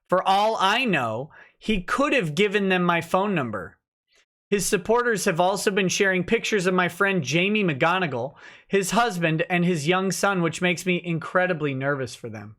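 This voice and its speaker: A man's voice: sits high, pushed and bright. A man hosting a casual livestream, reading documents aloud and breaking in with sarcastic, mocking asides.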